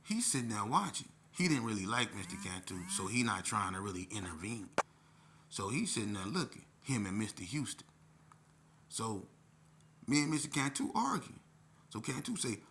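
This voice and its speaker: A man telling a personal story in a casual, animated way, with lots of profanity. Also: on the low side, moderate pace.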